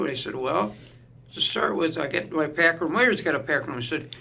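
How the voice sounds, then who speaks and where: A middle-aged male guest with a slightly high, gravelly voice speaks at a moderate pace. He tells stories in casual conversation, animatedly acting out the lines of the other people involved.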